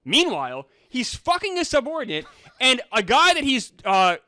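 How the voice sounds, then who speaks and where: A man co-hosting a casual podcast, incredulous and teasing, with quick asides. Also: extremely high pitch, huge pitch swings, pushed and bright, no room sound. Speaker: co-host, film reviewer.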